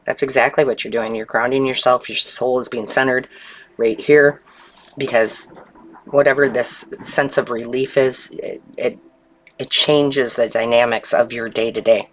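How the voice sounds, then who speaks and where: A woman giving an intuitive tarot reading in a calm, unhurried way, often checking in with the listener. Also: extremely low pitch, a little hiss or hum. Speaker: tarot reader.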